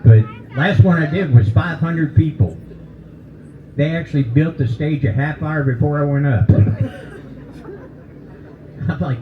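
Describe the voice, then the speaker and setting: A man's voice: fairly high pitch, a little slow, pauses often, phone-quality sound, a little hiss or hum. A man in his seventies performing a stand-up comedy set, folksy and teasing the crowd. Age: 70s. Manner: folksy, teasing the crowd, jokes about old age. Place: brewery stage with live audience.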